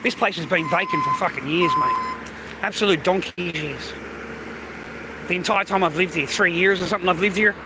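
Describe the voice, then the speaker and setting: A man's voice: sits high, wildly swooping pitch, fairly quick, vocal fry. A man live streaming on a phone while he walks down a city street, talking in a blunt, profane, rambling way. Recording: faint street noise.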